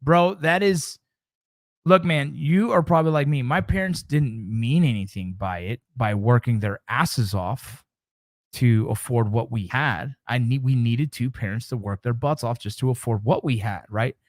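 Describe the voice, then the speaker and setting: A man in his forties hosts a casual livestream, speaking at a middle pitch. He is emphatic and repetitive and swears casually. The sound is dry, with no room echo. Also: a little slow. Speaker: show host.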